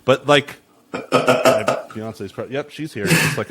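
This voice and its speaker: A man's voice: mid-range voice, slow, a bit bright, breathy edge. A man hosting a podcast in casual chat, rambling and crude, laughing often.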